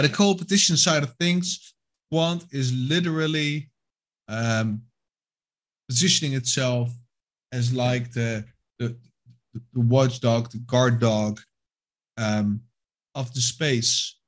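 A man's voice: medium pitch, fairly even intonation, takes it slowly, pauses often. A man co-hosting a casual crypto podcast, rambling with many fillers and restarts and reading from articles. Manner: reads quotes aloud from an article. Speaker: podcast co-host.

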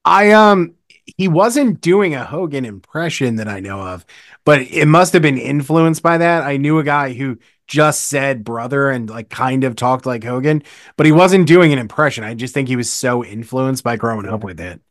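A man's voice: mid-range voice, animated, normal speed, no room sound, clean studio sound. A man co-hosting a podcast in casual chat, enthusiastic and agreeable. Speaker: podcast co-host.

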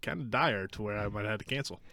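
A young man co-hosting a sports podcast, chatting casually with deadpan sarcasm. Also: on the low side, fast talker, gravelly, no echo. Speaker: podcast co-host.

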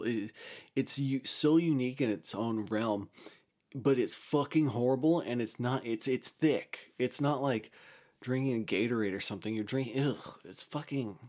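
Rambling, profane man telling a story. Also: medium pitch. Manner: rambling, profane, with frequent restarts and chuckles. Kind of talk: casual personal storytelling.

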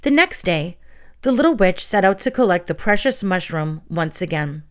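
A woman reading a children's fairy tale aloud in an expressive, gentle storytelling manner. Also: on the low side, normal speed.

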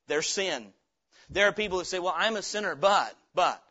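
A man preaching a sermon as pastor, emphatic, swinging from quiet asides to loud, pressing lines and acting out a story. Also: sits high, expressive, moderate pace, dull audio.

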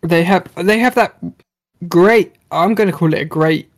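A man's voice: high-pitched, a little slow. A man, chatting casually about a film, swearing freely and acting out characters' lines. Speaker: podcast co-host reviewing a film. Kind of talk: casual chat.

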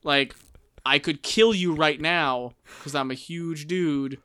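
A man's voice: fairly high pitch, slow pace, smooth, dry recording, studio quality. A man co-hosting a casual book podcast, recapping chapters and acting out characters with playful voices. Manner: animated, acts out characters in funny voices, laughs often. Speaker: podcast co-host.

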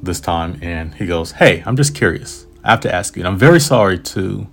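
A man's voice: sits low, lively intonation, moderate pace, vocal fry, faint music behind. An American man, a travel writer, casually telling a travel story in a rambling, self-aware way with asides and restarts. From United States.

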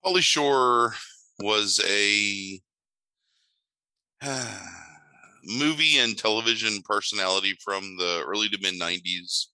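Slow and smooth, a low-voiced, strikingly forceful man co-hosts a casual podcast about movies, leaving long pauses. His humor runs to sardonic put-downs littered with ums. The sound is intimate and dry, without room echo.

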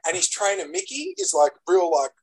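Man, podcast co-host, excitable storyteller, a touch high-pitched. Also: moderate pace, poor audio. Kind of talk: casual chat.

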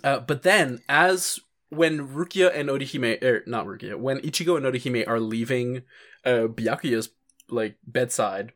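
Animated man recapping with laughter. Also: fairly high pitch. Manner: animated, laughs often, acts out quoted lines. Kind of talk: casual chat recapping an anime.

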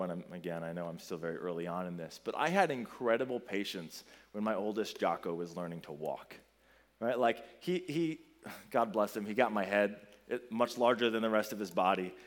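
Male pastor, 30s, conversational sermon voice, animated storyteller, mid-range pitch.

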